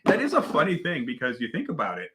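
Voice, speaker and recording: A man's voice: on the high side, huge pitch swings, fast talker, bright, forceful tone. A man co-hosting a casual whisky tasting chat, chatty and rambling, laughing often. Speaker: whisky review show co-host.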